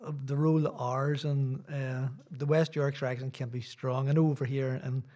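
A man's voice: medium pitch, level tone, normal speed, warm tone. A middle-aged Irish man, a visiting preacher, giving a sermon in a church with rambling, self-deprecating asides. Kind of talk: sermon with casual chat.

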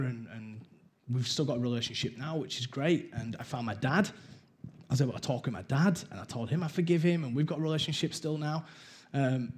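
A young man candidly sharing his personal testimony in a conversational way, with halting restarts. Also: mid-range voice, darkish tone.

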